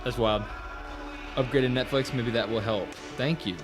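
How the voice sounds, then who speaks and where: A man's voice: mid-range voice, steady tone, unhurried, music in the background. A man hosting a casual live stream, chatting loosely, reading out viewer comments and grumbling as he sets things up. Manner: chatty, reads viewer comments aloud, grumbles about tech. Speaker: livestream host.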